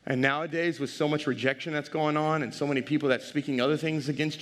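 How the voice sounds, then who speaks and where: A man preaching with a somewhat high voice, animated and direct, stopping often to call out to his congregation. His words ring out with the long reverb of a church sanctuary. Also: fast, few pauses. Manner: animated, direct, engages the crowd. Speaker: pastor. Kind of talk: sermon.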